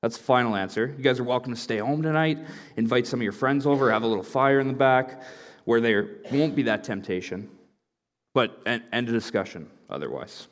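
A man voicing a calm, patient father who reasons in a steady tone. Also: medium pitch, brisk, big-room sound, close to an everyday voice. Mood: firm. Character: calm, firm, patient middle-aged father.

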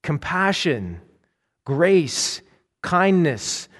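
A man's voice: fairly high pitch, very animated, extremely slow, a bit bright. Man preaching a sermon in an echoing hall. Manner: earnest, with frequent restarts and storytelling asides. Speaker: pastor.

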